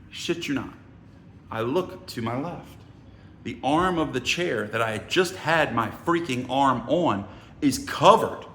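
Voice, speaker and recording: A middle-aged man casually telling a story, animated and profane, who acts out the other people's voices. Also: medium pitch, a little slow, reverberant. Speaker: sales trainer telling a story.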